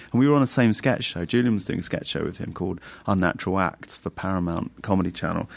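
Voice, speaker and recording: A man's voice: low voice, creaky. A man being interviewed as a guest comedian, telling rambling anecdotes in casual chat, laughing often and slipping into funny voices when quoting friends.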